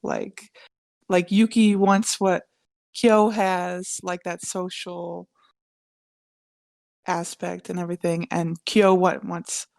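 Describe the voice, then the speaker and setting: A woman co-hosting a podcast in casual chat, talking slowly and hesitantly and chuckling often. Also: lowish voice, level tone, creaky, a little mellow, no room sound. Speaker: podcast co-host.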